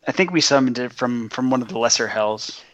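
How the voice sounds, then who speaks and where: A man's voice: mid-range voice, a little fast, a bit bright. A man co-hosting a casual sports podcast with dry, wry humor and frequent filler words. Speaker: podcast co-host. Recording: dull lo-fi sound.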